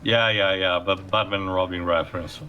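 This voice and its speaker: Man, let's play commentary, low voice, bright, rambling, faint hiss. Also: fairly even intonation, normal speed, lo-fi sound. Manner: rambling, many fillers. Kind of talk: gameplay commentary.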